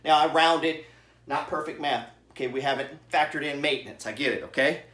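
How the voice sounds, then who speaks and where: A man's voice: fairly high pitch, fairly quick, a bit bright, recorded from a distance. A man, a real estate investor, slightly out of breath, bluntly explaining money math in an informal way and rounding numbers as he goes. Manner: blunt, works through rough math aloud, rounding as he goes. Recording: echoey room, away from the mic.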